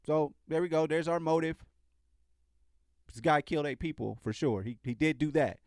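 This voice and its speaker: A man's voice: on the high side, fairly even intonation, moderate pace, darkish tone, no room sound, clean studio sound. A man hosting a podcast, talking in a casual, sarcastic commentary style and often restarting his sentences. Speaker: podcast host.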